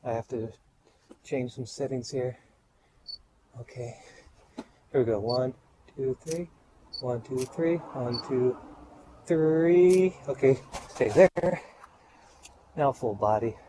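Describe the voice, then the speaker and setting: A man's voice: mid-range voice, slow, long pauses, warm tone, a little hiss or hum, low-quality recording. A man photographing a model outdoors, out of breath, counting off shots and giving short directions. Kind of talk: on-location shoot commentary. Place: outdoors by a street.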